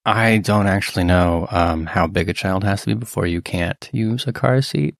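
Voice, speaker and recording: A man narrating as game master, measured and wry. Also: deep voice, creaky, dry recording, clean studio sound.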